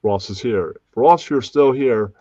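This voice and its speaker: A man's voice: mid-range voice, measured pace, dark tone, no room sound, dull audio. A man hosting a casual live stream, rambling and often losing track of names. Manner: rambling, loses names, puts on mocking voices. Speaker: stream host.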